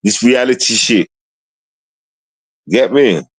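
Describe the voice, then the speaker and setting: A man's voice: mid-range voice, takes it slowly, husky, no echo, low-quality recording. A man livestreaming in a rambling, casual way, full of street slang and constant tag questions. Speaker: streamer. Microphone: streaming mic.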